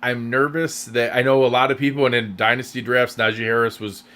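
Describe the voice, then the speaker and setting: A man's voice: medium pitch, level tone, a little fast, pushed and bright. Male podcast co-host, mid-range voice, loose rambling delivery full of restarts. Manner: rambling, hesitant with many restarts. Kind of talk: casual sports chat.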